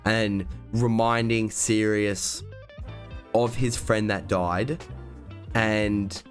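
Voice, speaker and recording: A young man hosting a casual film review, gushing as an emotional, excitable fan. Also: fairly low pitch, drawn-out words, soft background music. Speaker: YouTube reaction host ranking films.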